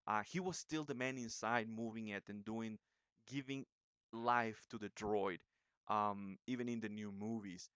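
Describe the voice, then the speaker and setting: A young man who reviews movie trailers in a casual vlog, talking in an excited, chatty way with many fillers and restarts. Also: fairly low pitch, measured pace, clean tone, dry recording.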